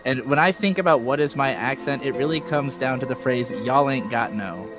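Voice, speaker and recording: A man's voice: mid-range voice, fairly quick, music in the background. A man hosting a podcast in a casual chat, reading out chat comments and hunting for words as he goes. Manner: easygoing, trailing off and hunting for words.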